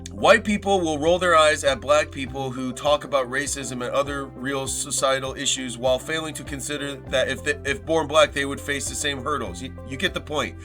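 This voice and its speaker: A young man hosting a live stream, reading posts aloud and riffing on them in a casual, animated way, swearing freely and joking with his chat. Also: medium pitch, moderate pace, hardly any pauses, faint music behind. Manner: animated, swings loud and soft, swears casually, jokes with chat. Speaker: livestream host.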